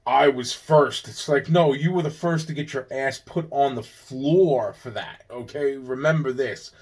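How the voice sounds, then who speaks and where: A man delivers a rambling, repetitive, profane monologue, circling through restarts and erupting in sudden loud outbursts. His voice is mid-range with a breathy edge, and he speaks a little slowly.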